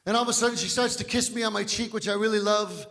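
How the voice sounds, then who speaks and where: A man in his fifties performing a stand-up comedy set, telling stories loudly and physically and shouting his punchlines. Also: high voice, steady tone, fast talker. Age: 50s. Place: comedy club stage. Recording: live hall reverb with faint noise. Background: audience laughter.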